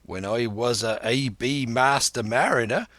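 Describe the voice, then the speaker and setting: A man voicing a wily, blustering one-legged old pirate cook in a slow audiobook reading. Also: mid-range voice, a bit bright, dry recording, natural voice. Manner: bluff, blustering, sly sea talk.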